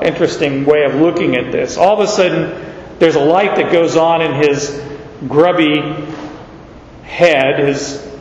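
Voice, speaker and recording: A man preaches slowly and unhurriedly, his voice sitting a little high. He explains the text in a conversational way, with asides and repeated words. The sound is dull and roomy, with a long hall echo and a faint rumble underneath. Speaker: pastor. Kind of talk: expository sermon.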